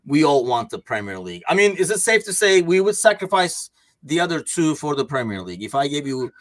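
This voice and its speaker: A man's voice: fairly high pitch, sing-song, a little fast, a bit bright. A man hosting a casual sports podcast, rambling and laughing easily between points. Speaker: podcast host.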